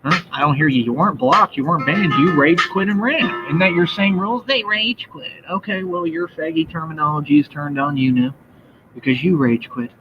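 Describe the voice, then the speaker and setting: Combative man ranting over loud music. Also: a little high, a little fast. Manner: profane, combative, boastful. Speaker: livestreamer. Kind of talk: ranting livestream monologue. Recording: dull lo-fi sound with loud music behind.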